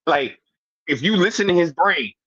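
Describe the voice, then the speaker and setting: Husky, high-pitched joking man. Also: animated, normal speed, a bit bright, dry recording. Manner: profane, joking, laughs a lot. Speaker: podcast co-host. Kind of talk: casual wrestling recap chat. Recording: muffled lo-fi audio.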